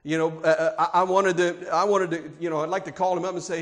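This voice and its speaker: High-voiced man preaching emphatically. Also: little pitch movement, fast talker, fairly bright tone. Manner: emphatic, repetitive preaching cadence. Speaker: pastor. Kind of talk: sermon.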